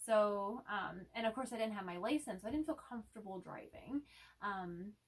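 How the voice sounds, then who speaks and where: A woman's voice: mid-range voice, moderate pace, breathy edge, distant mic, low-quality recording. A woman co-hosting a casual chat, rambling anxiously through stories and laughing often. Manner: rambling, nervous storyteller with frequent laughs. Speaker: co-host.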